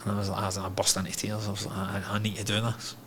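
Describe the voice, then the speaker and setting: A man's voice: on the low side, monotone, rapid-fire, a bit bright, a little hiss or hum. A man, a podcast guest telling his own story candidly, frank and emotional, swearing freely.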